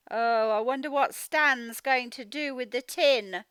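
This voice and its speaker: A woman teaching phonics to young children, reading a picture book aloud and slowly sounding out each word. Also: sits high, clear, resonant tone, no echo. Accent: Australian. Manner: slow, sounding out words, expressive storybook reading.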